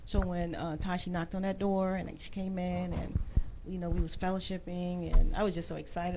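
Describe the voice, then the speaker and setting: Animated woman telling a personal story. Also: lowish voice, fairly quick, a little hiss or hum. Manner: animated storyteller, acts out quoted voices; churchy phrasing. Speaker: talk show guest. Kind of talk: personal testimony.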